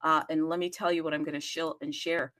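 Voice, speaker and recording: Bright, excitable woman hosting live. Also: sits low, fairly quick. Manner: animated, chatty, keeps asking "okay?" and addressing "people". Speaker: host of a live crypto audio room. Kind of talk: excited casual monologue to listeners. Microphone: live audio chat room.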